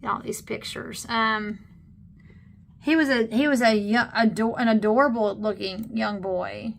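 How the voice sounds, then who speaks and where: A woman, co-hosting a channel, talking indignantly and haltingly in casual commentary on videos. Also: on the high side, steady tone, vocal fry, slight background noise. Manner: indignant, halting with many fillers. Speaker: channel co-host. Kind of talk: casual commentary on screen content.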